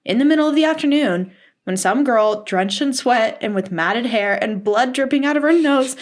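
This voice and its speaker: Animated young woman podcast co-host. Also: on the high side, normal speed. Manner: animated, laughs often, dramatic reactions. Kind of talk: casual chat, reading stories aloud.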